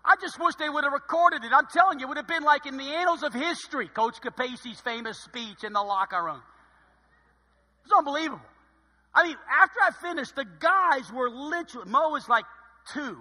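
Middle-aged man, pastor, sermon, high lively voice, bright and forceful tone, long hall reverb. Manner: animated storytelling, swinging between loud bursts and quiet asides.

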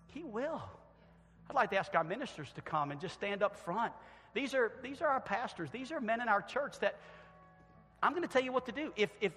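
A male pastor preaching a sermon and altar call in a church, swinging from loud acted quotes to quiet earnest appeals. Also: very high-pitched, slightly rough. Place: church sanctuary. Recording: long church hall reverb.

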